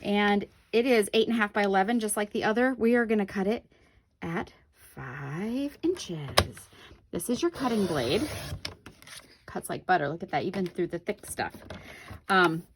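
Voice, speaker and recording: A woman's voice: medium pitch, expressive, normal speed, background noise. Chatty woman teaching a paper craft. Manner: chatty, talks to viewers while working, self-correcting. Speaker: craft demonstrator. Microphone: camera on the craft table.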